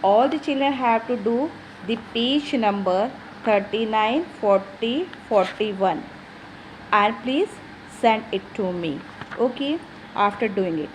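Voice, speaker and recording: Woman teaching grammar, higher voice. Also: a little hiss or hum, rough recording. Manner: repeats each example sentence slowly; addresses pupils directly as children. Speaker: school English teacher. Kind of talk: online grammar class.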